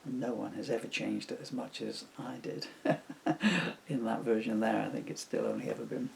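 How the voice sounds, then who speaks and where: Older man, gravelly low voice, rambling on-camera reminiscence with faint hiss behind. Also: flat delivery, normal speed, a little mellow, low-quality recording. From England. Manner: meandering, full of fillers and asides. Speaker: songwriter talking to camera. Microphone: camera mic.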